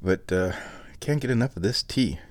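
A man's voice: on the low side, normal speed, no room sound. A man hosting his own show from home, chatting in a laid-back, rambling way. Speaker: streamer hosting a recurring show. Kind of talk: casual rambling chat. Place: indoors at home.

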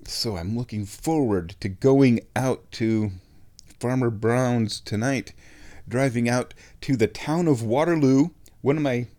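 A podcast host with stuffed-up sinuses wanders between rooms at home, delivering a casual, playful monologue that drifts off on tangents. His mid-range voice is warm and a little slow.

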